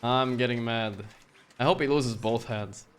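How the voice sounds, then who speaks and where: A male streamer giving live gambling commentary, excitable and profane, swinging between low grumbles and sudden outbursts. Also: unhurried, clean tone.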